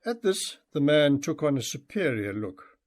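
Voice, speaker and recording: A man narrating his own memoir as an audiobook, in a heartfelt, expressive way. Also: fairly high pitch, a little slow.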